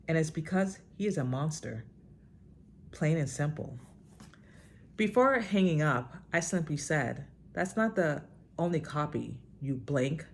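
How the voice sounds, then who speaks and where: A woman vlogger reading a book aloud with dramatic emphasis and breaking in with her own emphatic comments. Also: a little hiss or hum. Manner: emphatic, with sudden high outbursts.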